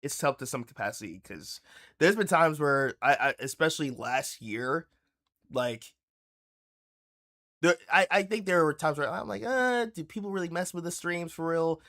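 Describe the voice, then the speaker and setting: A male streamer chats casually with his viewers while reacting to videos. His voice sits a bit high, and he rambles, stops and restarts his thoughts often. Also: animated, a bit bright. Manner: rambling, halting, full of restarts. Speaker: livestream host.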